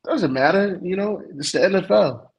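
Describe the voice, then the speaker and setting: Husky-voiced man in casual sports chat. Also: high voice, animated, normal speed, low-quality recording. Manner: laid-back, brief wry interjections.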